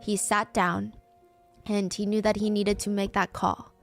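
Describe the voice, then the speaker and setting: A woman narrating a scripted true-crime story in a brisk way, acting out the quoted speech as she goes. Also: medium pitch, flat delivery, faint music behind.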